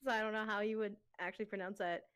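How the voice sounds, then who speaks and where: A woman's voice: mid-range voice, steady tone, racing, fairly bright tone, clean tone. A young woman in casual chat as a co-host, chatty and giggly, full of fillers.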